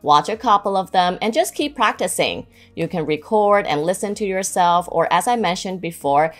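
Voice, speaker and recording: A woman with a lowish voice gives scripted English pronunciation lessons, saying example words slowly and clearly to model them.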